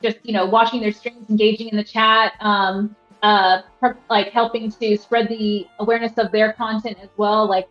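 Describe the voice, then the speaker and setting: Rambling young woman livestreaming. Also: mid-range voice. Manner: rambling, many fillers, reads chat aloud. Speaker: livestream host. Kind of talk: casual livestream chat. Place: rented apartment room. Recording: roomy, slightly dull sound.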